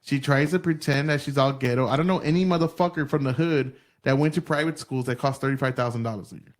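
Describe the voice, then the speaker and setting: A man's voice: medium pitch, quick pace. A man from Texas hosting a podcast, talking bluntly and profanely in casual chat, laughing often. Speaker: podcast host.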